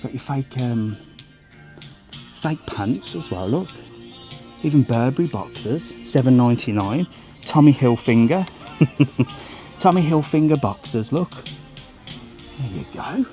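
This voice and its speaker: A man's voice: mid-range voice, animated, slow pace, pauses often, warm tone, faint music behind. A blunt, sweary man, chatting casually as he walks a seaside street for his travel vlog, filmed on a handheld phone. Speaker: travel vlogger. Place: outdoors on a windy seaside street.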